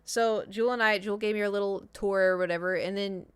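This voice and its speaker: A young woman streamer telling a travel story in a chatty, animated way, full of likes and laughs. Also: mid-range voice, fast, clear, resonant tone, no echo. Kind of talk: casual storytelling.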